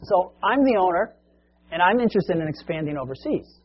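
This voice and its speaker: A male preacher telling a long story as a sermon illustration, in a conversational, animated way, on a muffled lo-fi recording. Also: sits high, brisk, husky.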